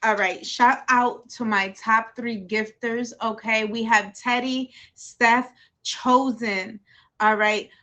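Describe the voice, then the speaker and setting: A woman's voice: fairly high pitch, fairly even intonation, slow pace, pushed and bright. A woman hosting a casual livestream talk show, effusive and emotional, calling out to her viewers and gushing over her guest.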